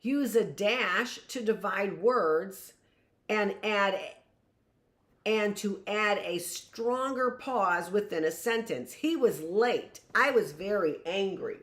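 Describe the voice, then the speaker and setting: Slow, emphatic woman teacher, echoey room. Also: medium pitch, animated, a bit bright. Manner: slow, emphatic, repeats key phrases with questions like "right?". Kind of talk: live reading lesson for young children.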